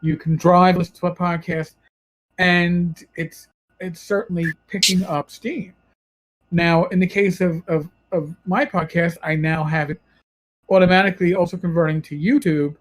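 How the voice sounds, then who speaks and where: A man with a New York accent hosts a gaming podcast in casual talk. His voice sits high for a man. He rambles and corrects himself as he goes. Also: steady tone, moderate pace, low-quality recording. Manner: rambling, self-correcting, conversational. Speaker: podcast host.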